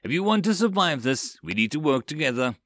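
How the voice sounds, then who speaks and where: A man voicing a gruff mercenary captain who barks orders, in a dry audiobook reading. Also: a little high, sing-song, fairly quick, fairly bright tone, dry recording, voice pushed up. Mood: commanding. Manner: barking orders.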